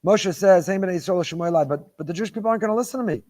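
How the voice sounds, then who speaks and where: A middle-aged man giving a Torah lecture as a rabbi, his voice sitting a little higher than most men's. He speaks emphatically, driving each point home by repeating key phrases. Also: racing, a little mellow.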